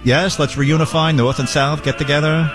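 A man's voice: on the high side, steady tone, moderate pace, over music. A man hosting a show, giving joking political commentary and mocking impressions. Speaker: radio show host.

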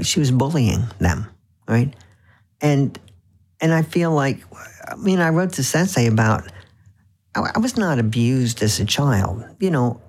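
A man's voice: mid-range voice, creaky, darkish tone, breathy edge. A man being interviewed as an author on the radio, telling wry anecdotes with frequent restarts. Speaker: author guest.

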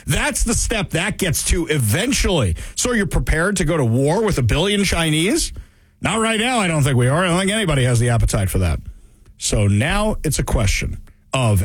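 Emphatic, animated male political commentator. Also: a little high, breathy edge, dry recording. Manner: emphatic, rhetorical questions, mocking quoted voices. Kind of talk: opinionated political monologue.

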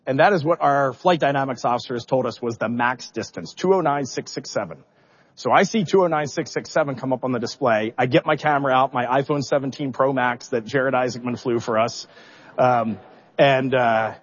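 Animated man telling a story in a hall. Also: mid-range voice, fairly quick, breathy edge. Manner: animated, self-deprecating, builds suspense. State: emotional, holding back tears. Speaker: mission commander. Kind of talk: press conference storytelling. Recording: dull recording in a reverberant hall.

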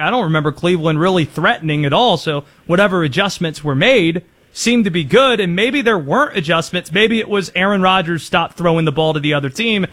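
A man with a notably high voice hosts a call-in sports talk show. He talks fast, jokes, and pokes fun at himself while he takes callers. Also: a bit bright. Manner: quick, playful and self-deprecating, laughs easily. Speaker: sports radio host.

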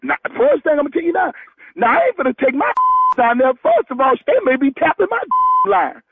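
A man on a phone call, loud and exasperated, swearing as he argues. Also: extremely high pitch, very animated, brisk, dry recording. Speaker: prank call target. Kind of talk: phone conversation.

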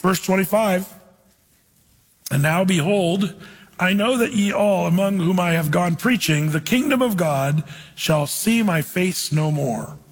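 A man's voice: sits high, unhurried, breathy edge, long reverb tail. A man preaching a sermon in a conversational, storytelling way, reading scripture aloud. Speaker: pastor.

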